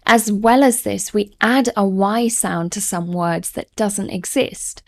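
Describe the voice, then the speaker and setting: A woman with an English accent, an online tutor explaining English to learners, speaking clearly and slowing down to model words. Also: mid-range voice. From England. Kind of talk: teaching to camera.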